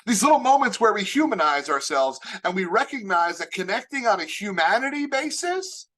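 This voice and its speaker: A man gives a lively, funny keynote talk. His voice sits high for a man, and its tone is bright and forceful. He keeps things animated and slips into quick jokes. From Long Island, New York. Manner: animated, jokey, with quick impressions. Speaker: keynote speaker. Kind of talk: comedic motivational keynote.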